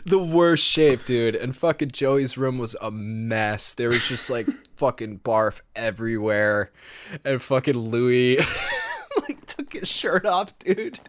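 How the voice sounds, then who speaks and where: A man's voice: mid-range voice, huge pitch swings, slow pace, a bit bright, dry recording, clean studio sound. Laughing, profane young man telling a story. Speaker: podcast co-host. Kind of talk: casual storytelling chat.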